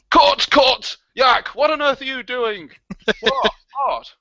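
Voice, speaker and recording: A flustered TV director bursts in shouting and high-pitched, as a man puts him on. His voice is bright and forceful. The audio is dull and dry, like a lo-fi call. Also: drawn-out words, dry recording, heavily acted. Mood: frantic. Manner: shouty, frantic.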